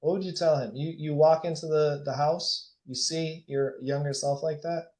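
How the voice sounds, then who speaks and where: A man leading a group coaching workshop, guiding reflection in a soft, slow, hushed voice, blunt and swearing freely. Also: a little high, steady tone. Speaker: workshop leader and life coach. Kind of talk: guided group coaching session.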